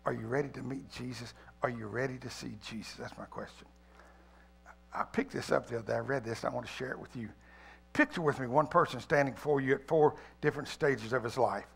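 A man preaching an Easter sermon as pastor, swinging from loud appeals to quiet pleading. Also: mid-range voice, brisk, vocal fry, breathy edge. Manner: preaching, rising loud then dropping to a hush; reads a poem aloud with feeling. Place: church sanctuary.

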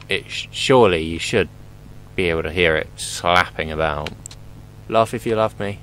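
A man's voice: sits low, fairly bright tone, slight background noise, low-quality recording. A young man commentating his horror gameplay, rambling and joking, swearing often and talking back to the game.

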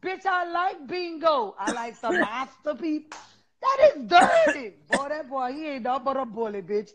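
A man, telling stories loudly and profanely in a casual chat. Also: extremely high pitch, moderate pace. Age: 40s. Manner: loud, profane, animated storytelling. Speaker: guest. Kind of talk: casual live-stream chat. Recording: dull lo-fi sound.

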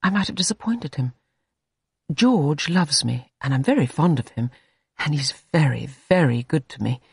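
A reader voicing a young wife torn between her husbands, speaking in a high, breathless, pleading way. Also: lively intonation, normal speed, vocal fry, husky, dry recording, studio quality, exaggerated voice. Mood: musing.

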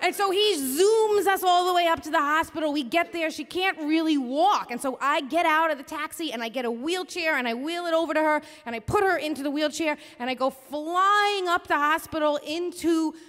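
High bright woman telling a funny blunt story on stage, echoey hall. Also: normal speed, hardly any pauses. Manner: animated, comic, blunt and profane. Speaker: storyteller and host. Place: theater stage before a live audience. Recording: reverberant live theater hall.

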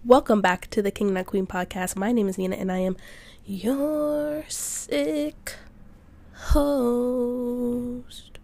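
A woman's voice: mid-range voice, fairly even intonation, fast, few pauses, darkish tone. A young woman hosting a casual solo podcast while sick and congested, rambling with lots of fillers and self-deprecating asides in a small indoor room. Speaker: podcast host.

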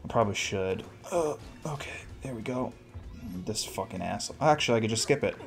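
A young man hosts a solo gameplay commentary with a mid-range voice. He swears freely, pokes fun at himself and shouts at the game. Faint game music plays underneath. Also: medium pitch, expressive, brisk, gravelly. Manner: profane, self-mocking, shouts at the game. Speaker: gaming podcast host. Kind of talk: casual solo let's play commentary.

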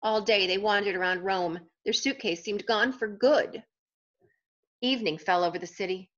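A woman reading a children's picture book aloud, pausing for playful questions to young listeners. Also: mid-range voice, a bit bright, highs cut off.

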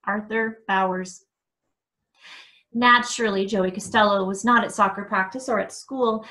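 Bright-voiced woman reading a novel aloud. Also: mid-range voice, measured pace. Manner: expressive, occasional small restarts. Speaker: book reader.

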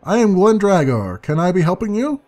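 A man's voice: sits high, big pitch swings, moderate pace, darkish tone, voice pushed up. A man voicing a thick-set, boastful male tavern keeper. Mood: welcoming.

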